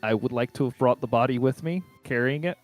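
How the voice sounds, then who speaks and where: A man's voice: mid-range voice, brisk, dry recording, soft background music. Joking man, dry close sound. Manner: joking, protesting. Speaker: tabletop game player. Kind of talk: casual game chat.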